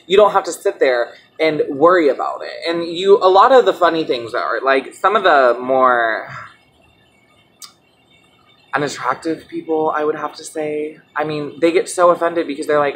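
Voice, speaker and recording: A woman's voice: low-pitched, a bit bright, slight background noise. A young woman vlogging in a candid, defiant rant, blunt and full of swearing, mocking her critics in quoted voices. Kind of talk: candid ranting vlog.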